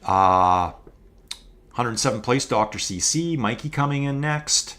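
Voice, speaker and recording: A man's voice: medium pitch, animated, measured pace, a bit bright. Rambling Albertan man calling a race. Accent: Albertan Canadian. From Alberta, Canada. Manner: rambling, joking asides. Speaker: live race commentator. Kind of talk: casual live-stream race commentary.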